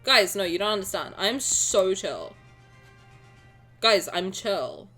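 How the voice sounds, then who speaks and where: A young woman streaming a game, chatting playfully to her viewers, joking and breaking into excited shouts. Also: medium pitch, slow, soft background music. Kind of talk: casual game stream commentary.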